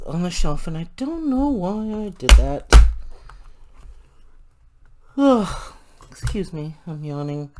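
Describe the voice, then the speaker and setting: A woman's voice: fairly low pitch, mellow, a little hiss or hum. An older woman chatting casually and thinking aloud as she works through a craft tutorial. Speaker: crafting channel host.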